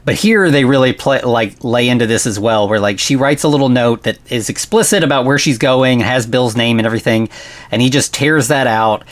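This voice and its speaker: A man hosting a podcast who recaps a film in casual, rambling chat, full of "like" and "you know" and quick laughs. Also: mid-range voice. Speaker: podcast host.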